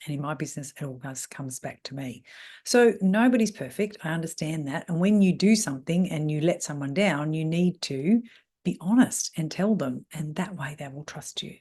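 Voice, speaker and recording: A middle-aged woman, talking as a salon mentor in an animated way. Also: low-pitched, normal speed. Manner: animated, mimics voices when quoting people. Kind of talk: talk on salon team issues.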